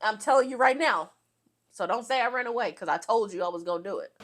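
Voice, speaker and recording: A woman's voice: on the high side, fast talker, fairly bright tone, slight background noise. A young woman giving casual reaction commentary to a movie, talking back at the screen with teasing jokes and exclamations.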